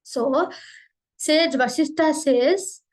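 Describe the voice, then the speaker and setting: A woman tells a religious legend in an earnest, simple way, her voice high and her pace unhurried. She stops and restarts now and then. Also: rough recording. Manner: earnest, simple, slightly halting. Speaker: storyteller.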